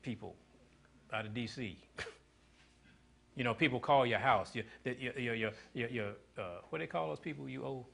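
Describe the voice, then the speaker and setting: A man preaching a sermon, swinging from loud declarations to hushed asides and calling questions out to the congregation. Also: mid-range voice, normal speed, creaky, long pauses.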